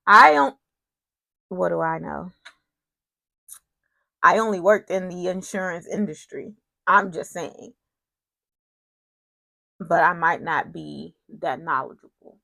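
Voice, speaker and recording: A woman's voice: lowish voice, creaky, a bit bright, dry recording. A woman casually recapping a TV soap episode, retelling scenes with quoted lines and personal asides.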